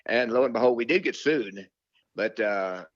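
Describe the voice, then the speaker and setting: At normal speed and medium pitch, an older man tells stories as a guest in a casual interview, meandering with fillers and restarts while quoting his own thoughts. The sound is dull, dry, and lo-fi, with no room sound.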